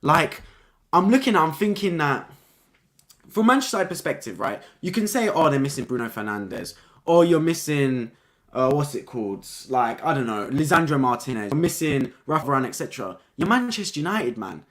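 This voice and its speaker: A young man hosting a live-stream football review, talking casually and excitedly, repeating his points and ending lines with "man". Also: a little high, a little fast.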